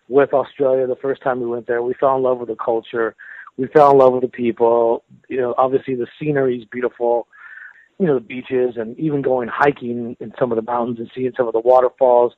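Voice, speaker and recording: A man, a metal guitarist, talking in a relaxed, rambling way in a casual interview, with restarts and soft laughs. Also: medium pitch, no echo. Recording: tinny phone line.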